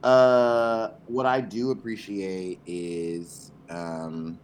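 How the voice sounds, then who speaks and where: A sassy man co-hosting a casual podcast, his voice pitched low. He snaps back quick retorts and launches into heated rants. A faint rumble sits under the recording. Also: little pitch movement. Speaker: podcast co-host. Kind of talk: casual chat.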